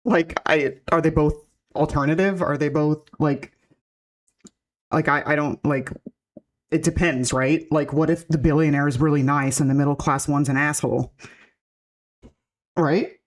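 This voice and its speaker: Deep-voiced woman chatting on stream. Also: steady tone, measured pace, pauses often. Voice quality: naturally deep voice. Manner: rambling, filler-heavy, laughs often. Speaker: VTuber streamer. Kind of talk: casual live-stream chat.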